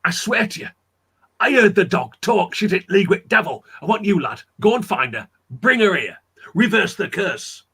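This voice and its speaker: A man voicing a stricken peddler who shouts that he has been cursed, in rough dialect speech. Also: high-pitched, very animated, moderate pace, voice pushed up, exaggerated voice. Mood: frantic.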